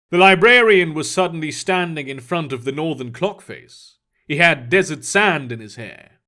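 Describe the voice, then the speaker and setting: A man narrating a fantasy story in a steady, descriptive storytelling manner. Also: a little high, normal speed. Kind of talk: audiobook storytelling.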